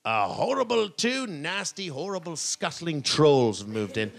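A middle-aged man doing stand-up comedy on stage, rambling and self-mocking, now and then bursting into shouted voices. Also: on the high side, very animated, measured pace, vocal fry. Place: comedy stage before a laughing audience.

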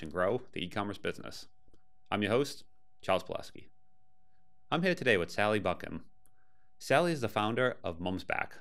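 A man with a Boston accent hosts a podcast interview, speaking in a very low voice. His delivery is relaxed and conversational, with loose, casual phrasing. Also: vocal fry. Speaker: podcast host.

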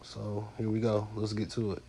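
A man's voice: fairly low pitch, monotone, moderate pace, vocal fry, background noise. A man with a nasal, congested voice, a bit under the weather, giving loose, rambling commentary over his gameplay with lots of fillers and repeated words. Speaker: gaming channel host.

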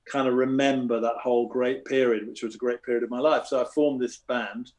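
A man interviewed as a guest musician, telling stories in a relaxed, wry, self-deprecating way. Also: mid-range voice, fairly quick. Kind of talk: casual interview.

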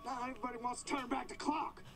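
A man's voice: extremely high pitch, steady tone, rapid-fire. An actor playing a sly, taunting young male villain in a video game, with a mocking singsong manner. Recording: game audio over loud music.

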